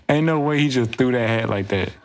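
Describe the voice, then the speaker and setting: A man talking through a horror game as he plays, rambling, joking and saying bro every few words. His voice is of middling pitch. Clear game noise runs under him. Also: big pitch swings, moderate pace. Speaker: gaming streamer. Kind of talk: let's play commentary. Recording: game audio playing under voice.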